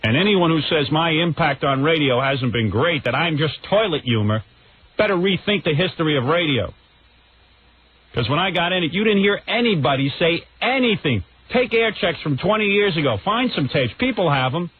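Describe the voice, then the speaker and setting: A man's voice: on the high side, animated, moderate pace, slight background noise. A man hosting a radio show, ranting in a brash, combative way. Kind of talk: radio rant. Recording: tinny phone-like radio recording.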